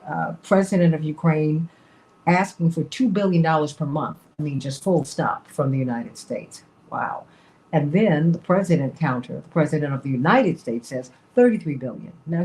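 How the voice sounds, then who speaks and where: Talk radio host with a mellow voice, hesitant, asks questions. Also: mid-range voice, low-quality recording.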